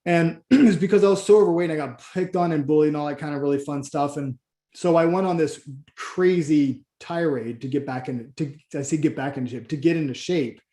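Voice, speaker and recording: A man runs a coaching session in a casual, rambling way. He plays out little exchanges with a client and often stops to restart a sentence. His voice sits a touch high with a mellow, soft-edged tone, and the room around him is echoey. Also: fairly quick. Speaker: Christian business coach.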